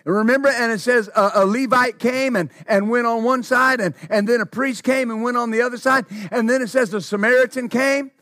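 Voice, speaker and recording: A man with a very high voice preaches briskly with few pauses, repeating phrases, asking his congregation questions, and calling out hallelujah. He stumbles over words when excited. There's no room sound, just clean studio audio.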